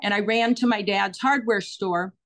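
A middle-aged woman, a guest telling personal stories in an interview, earnest and animated with frequent fillers. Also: mid-range voice, moderate pace. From United States.

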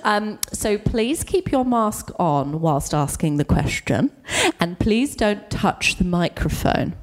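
A woman hosting a live podcast in front of an audience, playful and clear as she moves to questions. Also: fairly low pitch, lively intonation, takes it slowly. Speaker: host.

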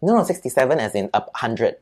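A man's voice: fast, breathy edge. A Singaporean man tells stories in a loose, chatty way. He keeps asking "right?" and "okay?" to make sure the listener follows. His voice rises and falls a lot, and he drops Mandarin words and local particles into his English. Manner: lively, swings pitch up and down while telling a story. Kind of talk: casual storytelling.

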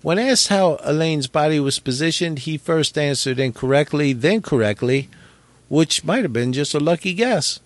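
A man's voice: a little high, moderate pace, no room sound. A man co-hosting a casual true crime podcast, joking and telling stories. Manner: joking, animated storyteller. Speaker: podcast co-host.

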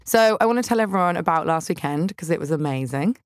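A woman's voice: lowish voice, animated, fast, over loud music. A young woman hosting a podcast, telling funny stories about her week in a bubbly, self-deprecating way. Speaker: podcast host. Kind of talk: chatty comic monologue.

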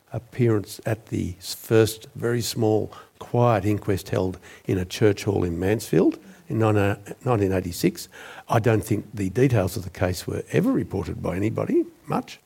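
A man, a former journalist, recounting a story as a guest in a measured, deliberate way. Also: lowish voice, creaky, mellow, breathy edge. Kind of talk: storytelling interview.

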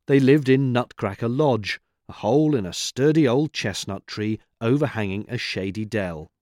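A man narrates a classic children's tale at a steady, measured pace. His voice sits in a middle range. The recording is close and dry, with no room sound. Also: medium pitch, dry recording. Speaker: reader. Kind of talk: scripted narration.

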